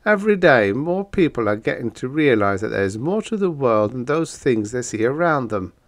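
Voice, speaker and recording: Brief: wisecracking bug-eyed male monster, voiced by a male reader for an audiobook, breezy, matter-of-fact, lively lilt. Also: mid-range voice, moderate pace, voice pushed up. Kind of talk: audiobook character voice.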